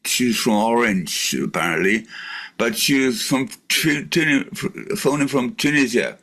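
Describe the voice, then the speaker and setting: A man's voice: mid-range voice, a little slow, sharp tone. An older man, chatting casually with friends and swearing freely. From Australia. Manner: swears freely, acts out phone calls in mocking voices. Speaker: regular of the group chat. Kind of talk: casual chat among friends.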